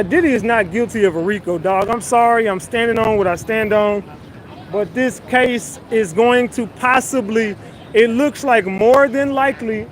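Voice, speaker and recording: A man's voice: very high voice, slight background noise. A man doing casual livestream commentary outdoors on a city street, joking loosely and reading his chat aloud into a phone.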